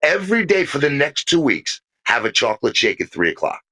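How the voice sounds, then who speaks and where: A man's voice: mid-range voice, fairly quick. An older man co-hosting a podcast, chatting casually about politics and telling long stories in which he acts out the other voices. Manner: animated storyteller, acts out quoted voices. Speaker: podcast co-host.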